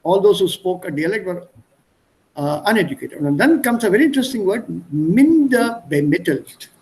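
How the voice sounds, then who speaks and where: A man's voice: high voice, low-quality recording. A man with an Indian accent teaching an online German class, explaining words through strings of English synonyms. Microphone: video call.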